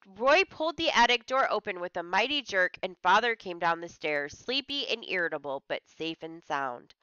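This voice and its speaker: A woman's voice: on the low side, animated, moderate pace, bright, forceful tone, smooth, no room sound, dull audio. A woman teacher reading a story aloud to a class, stopping to explain hard words in simple terms.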